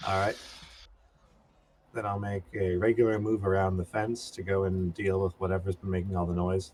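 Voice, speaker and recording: A man playing a tabletop game, measured and thinking aloud with pauses. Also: deep voice, flat delivery, a little mellow, a little hiss or hum. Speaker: player. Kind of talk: casual tabletop play.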